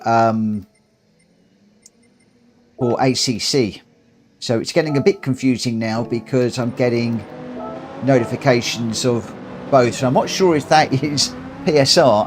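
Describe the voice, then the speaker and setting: A man live-streaming a racing game, tired, chatting excitedly through races and reading out the results. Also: medium pitch, a little hiss or hum. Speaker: live-stream host and sim racer. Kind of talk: live gameplay commentary.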